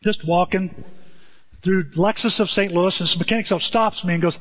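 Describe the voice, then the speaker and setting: A middle-aged pastor preaches a sermon in a church auditorium, telling stories with lively jumps in pitch and quick asides. The sound is dull within a reverberant hall.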